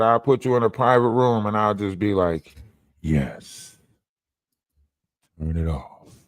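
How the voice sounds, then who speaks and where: A man's voice: medium pitch, a little mellow, no room sound, clean studio sound. A man hosting a livestream, ranting in a repetitive, confrontational way, often asking "you know what I mean". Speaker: livestream host. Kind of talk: rambling livestream rant.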